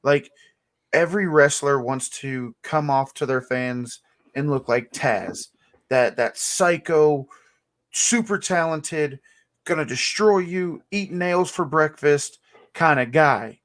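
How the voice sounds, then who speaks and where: A man's voice: a little high, animated, slow pace, fairly bright tone. Emphatic man in casual podcast chat. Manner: emphatic, builds lists. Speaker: podcast co-host.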